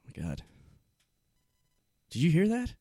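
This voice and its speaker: A man's voice: on the high side, huge pitch swings, unhurried, warm tone, no echo, studio quality. A man improvising a nervous, panicky character on a comedy podcast.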